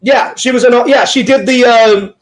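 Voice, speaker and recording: High-voiced man hosting a rambling chat. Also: moderate pace, a crowd in the background, low-quality recording. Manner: rambling, playful storyteller, joking. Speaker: interview host, Twitch streamer. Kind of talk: casual chat.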